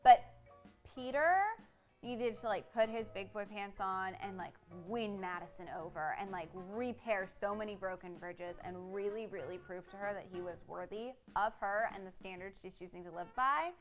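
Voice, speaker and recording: A young adult woman co-hosting a TV recap show, chatting casually and acting out quotes in animated little voices. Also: mid-range voice, moderate pace, soft background music. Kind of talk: casual chat.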